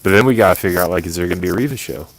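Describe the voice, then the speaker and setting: A man's voice: deep voice, very fast, poor audio. A man co-hosting a casual podcast chat, rambling with many restarts and fillers. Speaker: podcast co-host.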